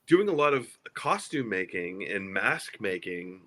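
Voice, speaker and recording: Playful teasing guest, wildly swooping pitch. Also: sing-song, unhurried, bright, forceful tone. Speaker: guest friend. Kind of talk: casual chat.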